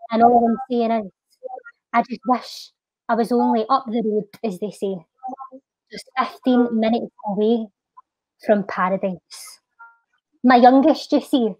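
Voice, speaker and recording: A woman's voice: on the high side, no room sound, low-quality recording. Scottish woman reciting a spoken-word poem. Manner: slow, measured recitation with soft fillers. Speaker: charity guest and spoken-word poet.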